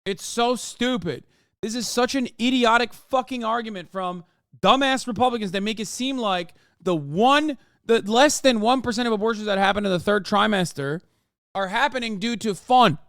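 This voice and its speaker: A male streamer ranting at his chat during a live reaction stream, profane and combative, often yelling. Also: high-pitched, moderate pace, clean tone, no room sound, studio quality.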